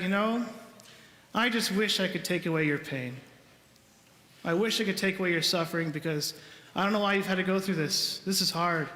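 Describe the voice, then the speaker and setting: A man's voice: high-pitched, bright, forceful tone. A man preaching a homily as a priest, speaking in an earnest, conversational storytelling manner. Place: large church. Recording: echoey church with long reverb.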